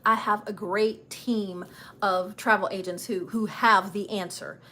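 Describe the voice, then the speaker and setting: A woman's voice: mid-range voice, steady tone, unhurried, sharp tone. A middle-aged woman chatting casually on a travel livestream, a little nervous and self-deprecating. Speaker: travel vlogger and travel agent.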